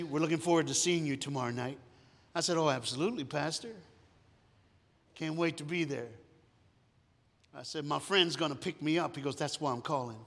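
A man preaching a storytelling sermon, moving between hushed and loud, sometimes singing lines of a song. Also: on the high side. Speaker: guest preacher. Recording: long hall reverb.

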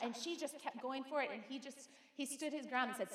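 Speaking brisk with few pauses, this middle-aged pastor addresses the congregation directly in a high voice, emphatic yet conversational. Her sermon carries through a church auditorium, the recording full of long, echoing reverb.

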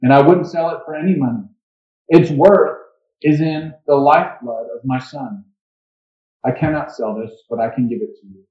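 A man reading the lines of an old Indian pearl diver and grieving father in a slow, earnest storytelling voice. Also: on the high side, darkish tone, close to an everyday voice. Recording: dull echoey church recording.

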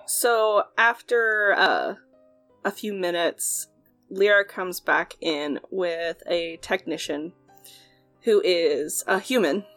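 Relaxed woman running a tabletop game. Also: fairly low pitch, takes it slowly, soft background music. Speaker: game master.

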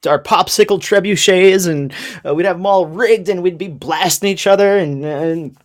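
A man's voice: sits high, normal speed. A man co-hosting a podcast, telling rambling stories in casual chat with many ums and uhs. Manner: rambling storyteller, many fillers. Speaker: podcast co-host.

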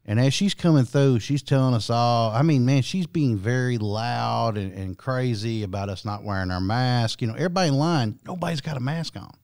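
A man's voice: mid-range voice, a little fast, gravelly, few pauses, a little mellow. A man, hosting a podcast and telling a long profane story with many restarts. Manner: rambling, profane, frequent restarts. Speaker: podcast host. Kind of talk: casual storytelling.

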